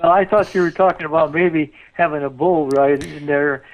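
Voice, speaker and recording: A man's voice: a little high, fairly even intonation, moderate pace. An older man calling in to chat with his daughter, joking and teasing. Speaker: caller, host's father. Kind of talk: casual phone chat. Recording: dull lo-fi phone line.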